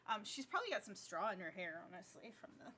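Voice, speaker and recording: A woman's voice: medium pitch, sing-song, fast, sharp tone. A woman player describing her tabletop character in a casual, hesitant way with many fillers.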